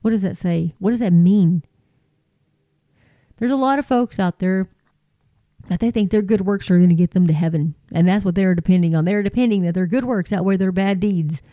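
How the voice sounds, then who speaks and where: A woman's voice: medium pitch, normal speed, no room sound, highs cut off. A woman preaching informally and earnestly to her viewers, folksy and repeating phrases for emphasis. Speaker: Christian YouTube preacher.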